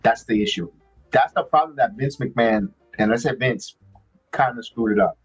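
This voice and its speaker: Faint background music accompanies a husky, medium-pitched man hosting a live watch-along podcast, captured in a low-quality recording. He chats casually but haltingly, rambling with many restarts and fillers.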